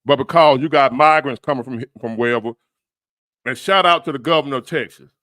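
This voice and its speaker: A man's voice: medium pitch, a little fast, a bit bright, dry recording, studio quality. A man giving blunt, profane, rambling reaction commentary on a livestream. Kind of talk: reaction commentary on a news clip.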